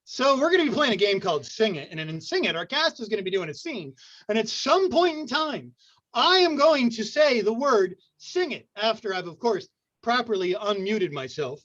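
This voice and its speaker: A man's voice: high voice, big pitch swings, moderate pace, a bit bright. A man hosting an online improv show, joking and rambling playfully. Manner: jokey, rambling. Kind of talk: playful show hosting over video call. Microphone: video call. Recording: muffled lo-fi video call audio.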